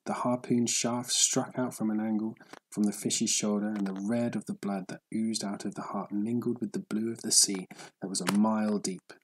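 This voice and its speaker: A man narrating a story in a steady, measured audiobook reading. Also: fairly low pitch, a little hiss or hum, low-quality recording.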